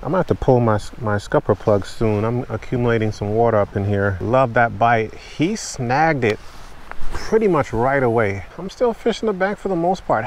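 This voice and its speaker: A man filming his own fishing trip from a kayak in pouring rain, chatting casually to viewers and getting excited whenever a fish bites. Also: medium pitch, a little hiss or hum. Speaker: fishing vlogger. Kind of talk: casual on-the-water commentary. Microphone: camera mounted on the kayak.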